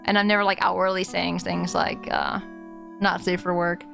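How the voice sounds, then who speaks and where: Her voice is lowish, gravelly and slightly bright, staying fairly flat in pitch at a normal speed. This woman streamer talks openly and chattily to her chat during a casual live session, with faint game music in the background.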